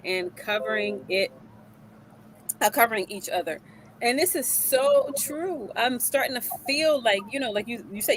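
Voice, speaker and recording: A woman co-hosting a casual talk show, animated and emotional, laughing often. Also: medium pitch, slight background noise, low-quality recording. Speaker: co-host.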